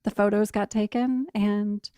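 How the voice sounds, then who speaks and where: A woman's voice: mid-range voice, steady tone, a little slow, warm tone, clear, resonant tone, dry recording, clean studio sound. A woman hosting a podcast, guiding a casual interview and filling in context for listeners. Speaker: podcast host.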